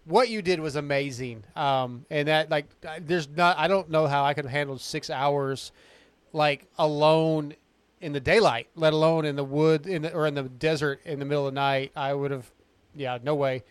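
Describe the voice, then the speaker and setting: A man in his forties hosting a casual interview, encouraging his guest in halting speech full of restarts. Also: fairly high pitch, steady tone, clear, resonant tone, dry recording. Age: 40s. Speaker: podcast host.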